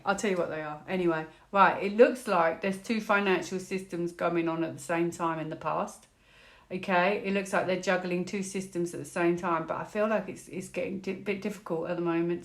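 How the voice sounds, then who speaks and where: Speaking at a measured pace in a mid-range voice, a British tarot reader does a casual reading to camera. She rambles and half-laughs as she thinks aloud, her words echoing around the room.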